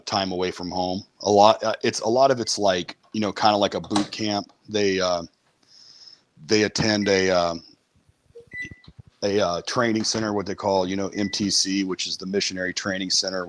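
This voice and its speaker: A man's voice: sits low, fairly bright tone. A man as an interview guest, talking casually with a wry tone and frequent hesitations. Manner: hesitant, many uh fillers, wry.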